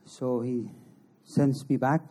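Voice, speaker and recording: A man giving an emotional personal testimony as an interview guest, in halting, earnest non-native English. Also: medium pitch, steady tone, warm tone. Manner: emotional storytelling.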